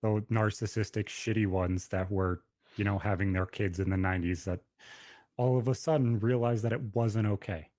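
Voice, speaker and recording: Blunt, cursing man with a low, dark voice. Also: steady tone, normal speed, no echo. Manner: blunt, profane, emphatic storytelling. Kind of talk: casual podcast conversation.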